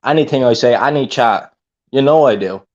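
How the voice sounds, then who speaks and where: A man of middle pitch on a call, taunting and boasting in loose, rambling trash talk. His voice comes through dull and lo-fi. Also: normal speed, darkish tone. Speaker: caller on a livestream. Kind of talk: heated trash-talk banter.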